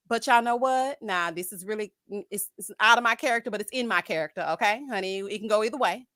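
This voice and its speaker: A woman's voice: on the high side, animated, normal speed, bright, forceful tone, no room sound, clean studio sound. Sassy Southern woman with a twang. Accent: Southern US, Texas. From Houston, Texas. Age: around 40. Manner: sassy, dramatic, calls listeners honey and child. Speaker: YouTube commentary host. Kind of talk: animated casual rant.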